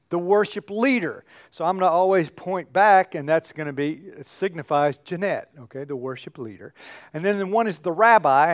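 Guy teaching a bible class, kinda high voice, stops and restarts a lot, gets loud and excited. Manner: animated, rising to loud bursts of emphasis; halting, with restarts and fillers. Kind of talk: teaching on a psalm.

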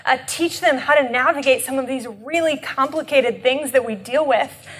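Tearful young woman giving halting testimony. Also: sits high, fairly bright tone. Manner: halting, many fillers and restarts. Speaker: nonprofit director. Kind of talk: personal testimony.

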